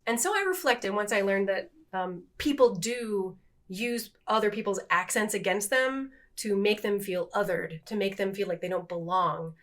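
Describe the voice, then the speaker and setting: A woman's voice: mid-range voice, normal speed. A middle-aged woman co-hosting a podcast, chatting casually and laughing at her own slip-ups. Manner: animated, self-deprecating, laughs at herself. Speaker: podcast co-host. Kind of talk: casual chat.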